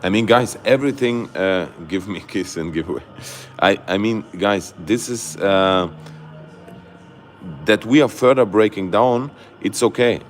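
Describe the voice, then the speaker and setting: Low-voiced man streaming live chart commentary. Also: unhurried, faint music behind. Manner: excitable, loose grammar, many fillers and "guys". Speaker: crypto livestream host.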